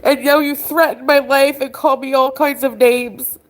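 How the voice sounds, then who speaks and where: A woman's voice: high voice, steady tone, normal speed. A woman livestreaming in distress, pleading and accusing, tearful at times. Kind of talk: emotional livestream argument. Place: indoors, abroad.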